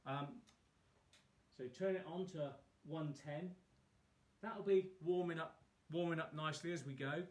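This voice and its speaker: A man's voice: a little high, fairly even intonation, measured pace. A man hosting a live cook-along, chatting casually and poking fun at himself as he talks viewers through each step. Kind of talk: casual live cooking demo.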